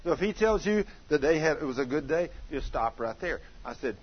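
A man's voice: medium pitch, fast, few pauses, highs cut off, a little hiss or hum. A man preaching a folksy sermon, telling stories and acting out what people said. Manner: animated, acts out quoted voices, shouts in anecdotes. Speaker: pastor.

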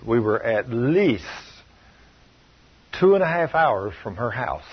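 A man preaching a sermon, telling personal stories in a stern, emphatic way, often dropping to a low, soft tone. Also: animated, normal speed, husky, dull audio. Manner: stern, emphatic storytelling, shifting loud and soft.

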